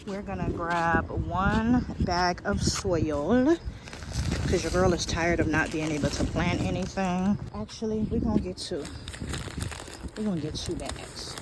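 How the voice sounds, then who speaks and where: A woman's voice: medium pitch, noisy background. A woman gardening vlogger from California chatting casually to her viewers, folksy and talkative, calling them y'all. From California, USA. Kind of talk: casual vlog chat to camera. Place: store aisles and outdoor garden.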